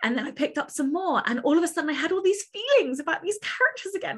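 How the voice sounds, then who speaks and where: A woman's voice: sits high, very animated, quick pace, few pauses. A woman author chatting as an interview guest, enthusiastic and talkative, with plenty of fillers. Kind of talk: casual interview conversation.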